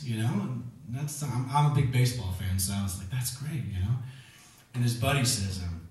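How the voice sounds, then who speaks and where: A man's voice: medium pitch, fairly quick, darkish tone. Male singer-songwriter spinning a self-mocking live story; heard from a distance in a roomy space. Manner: rambling, anecdotal, self-mocking. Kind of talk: storytelling between songs at a live show. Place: house concert room. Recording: echoey room, distant mic.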